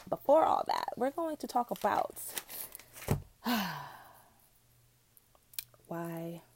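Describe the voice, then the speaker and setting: A woman's voice: medium pitch, very animated, drawn-out words, gravelly, background noise. A young adult woman vlogger telling a personal story in casual, profane, rambling chat.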